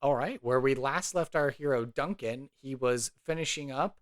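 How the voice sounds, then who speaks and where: A man at mid pitch guides a tabletop role-play as game master, talking loosely with fillers and asides as he paints a scene. The recording is dry and close, with no room sound. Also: normal speed, no room sound. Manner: rambling with fillers, descriptive. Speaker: game master and podcast host. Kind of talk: casual narration of a tabletop game.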